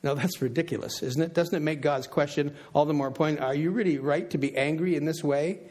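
Emphatic, slightly high-voiced male preacher. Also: fairly even intonation, darkish tone. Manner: emphatic, repeats phrases for weight, slows on key words. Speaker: pastor. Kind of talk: sermon.

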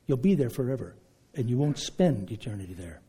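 A man preaching a sermon, emphatic, swinging between loud declarations and hushed asides. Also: medium pitch, sing-song, fairly quick, slightly rough.

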